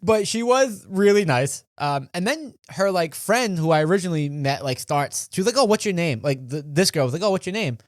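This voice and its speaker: A young man co-hosts a chat podcast, his voice a touch higher than most and swinging widely as he acts out the people in his story. The sound is close and dry, with no room around it. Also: a little fast, few pauses, no echo. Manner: animated, acts out quoted voices. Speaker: podcast co-host.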